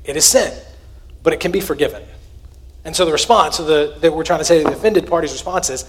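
Earnest man preaching, slightly high voice. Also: fast talker, a little hiss or hum. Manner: earnest, conversational preaching with sudden emphatic rises and quiet asides. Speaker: pastor. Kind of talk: sermon.

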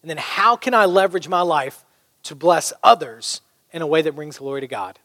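A man's voice: a little high, normal speed. A man preaching a sermon as pastor, conversational and humorous, telling stories. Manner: conversational, humorous, animated storytelling. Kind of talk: sermon with storytelling.

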